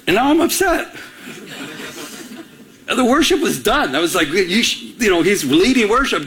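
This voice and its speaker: A middle-aged man from Michigan preaching a sermon, telling a personal story with lively acted-out quotes and sudden jumps in pitch. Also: normal speed. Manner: animated storytelling, acts out his own quoted lines with big pitch jumps. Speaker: pastor.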